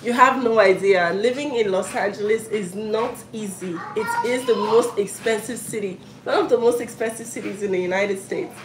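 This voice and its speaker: A woman's voice: mid-range voice, normal speed, hardly any pauses. Effusive woman on an echoey live stream. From Africa. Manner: effusive and emotional, calls out sharply to her children. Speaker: vlogger livestreaming while cooking. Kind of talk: casual live-stream chat. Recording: echoey room with noisy background.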